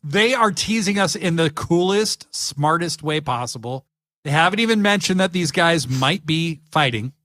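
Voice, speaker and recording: A man's voice: on the high side, expressive, moderate pace, sharp tone. A man co-hosting a casual podcast, animatedly retelling wrestling segments and acting out the lines. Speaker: podcast co-host. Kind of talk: casual wrestling recap chat.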